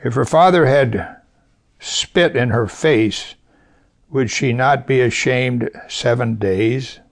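A man's voice: mid-range voice, slow pace. A man preaching a sermon, reading verses aloud and explaining them in a conversational way, with rhetorical questions and light chuckles.

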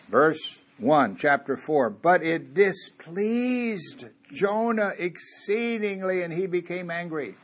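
A man's voice: on the high side, fairly bright tone, slightly rough. A man preaching a conversational sermon in a church, asking his listeners rhetorical questions and chuckling now and then.

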